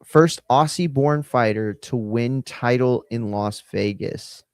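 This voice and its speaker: A man's voice: mid-range voice, slow pace, smooth, no room sound. Man casually hosting a live stream, dry. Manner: loose, rambling, offhand with viewer shout-outs.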